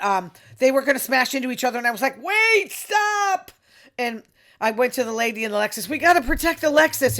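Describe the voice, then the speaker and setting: A woman's voice: mid-range voice, fairly bright tone. A middle-aged woman, hosting a casual opinion monologue with sarcastic asides. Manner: chatty, sarcastic asides, quoting others in voices. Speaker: podcast host.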